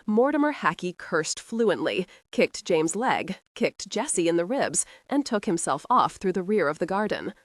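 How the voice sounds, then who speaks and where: A woman reading a historical romance audiobook in a steady, expressive scripted narration. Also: mid-range voice, moderate pace, no room sound, clean studio sound.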